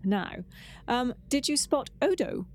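A woman co-hosting a podcast, chatting casually and enthusiastically with lively asides. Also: a little high, slow pace, a little hiss or hum. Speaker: podcast co-host.

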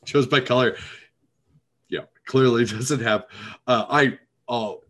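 A man's voice: medium pitch, slow pace, a bit bright. A man co-hosting a casual podcast, teasing his friend and rambling with fillers. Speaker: podcast co-host. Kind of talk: casual chat.

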